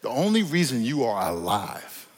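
A man's voice: mid-range voice, wildly swooping pitch, moderate pace, very noisy. A man preaching a sermon as pastor, emphatic and joking with the congregation in a church hall. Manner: emphatic, preachy, jokey with crowd.

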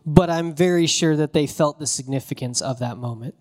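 Speaking briskly, this pastor gives a laid-back, conversational sermon in a voice pitched slightly above the typical man's. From the pulpit he retells the story with animation and casual slang, like he's talking with friends.

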